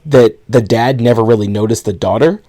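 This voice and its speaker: A man's voice: mid-range voice, brisk, warm tone. Casual man recapping a film, laughing. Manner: rambling, laughs often, swears casually. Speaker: podcast co-host.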